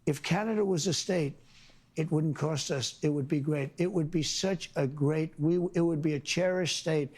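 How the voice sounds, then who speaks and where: A man's voice: on the high side, normal speed, a little mellow. A man answering interview questions as president, in boastful, repetitive, rambling short phrases.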